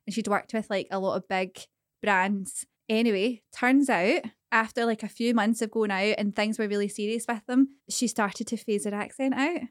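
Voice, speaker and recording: Woman podcast co-host, animated gossipy storyteller, dry close mic. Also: mid-range voice, moderate pace, clean tone, no room sound. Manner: animated storyteller, chatty, laughing often. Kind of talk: casual chat.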